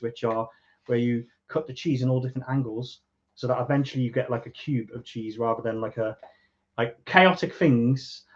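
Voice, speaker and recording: Male podcast co-host, faded Liverpool accent, rambling chatty delivery, lo-fi sound. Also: medium pitch. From Liverpool, England. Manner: laid-back, wry, rambling explanations. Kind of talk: casual chat.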